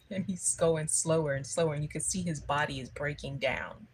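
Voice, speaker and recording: A woman's voice: sits low, normal speed, slight background noise, rough recording. A woman giving a spiritual livestream talk, telling a story conversationally and often checking in with her listeners. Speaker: spiritual speaker.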